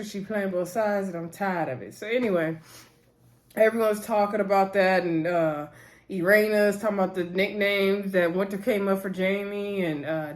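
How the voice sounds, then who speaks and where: A woman recapping a reality TV episode in a casual, opinionated chat, talking straight to her viewers in slangy speech. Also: mid-range voice.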